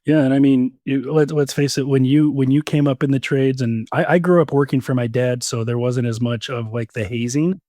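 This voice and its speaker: A man's voice: medium pitch, fairly even intonation, brisk, hardly any pauses, mellow, dry recording, clean studio sound. A man chatting as a podcast guest, telling shop stories and often repeating his opening words. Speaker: podcast guest, business owner. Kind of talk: casual podcast chat.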